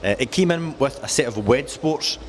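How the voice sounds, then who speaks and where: A man's voice: mid-range voice, expressive, normal speed, a little hiss or hum. A man presenting cars at a dealership in casual, jokey chat, rattling off specs with enthusiasm. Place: car dealership.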